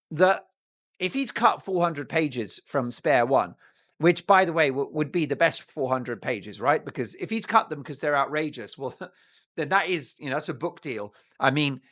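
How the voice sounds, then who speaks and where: Lively, jokey talk host. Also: male voice, fairly high pitch. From United Kingdom. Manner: playful, jokey, breaks into mock Italian and snatches of song. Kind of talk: animated monologue to camera.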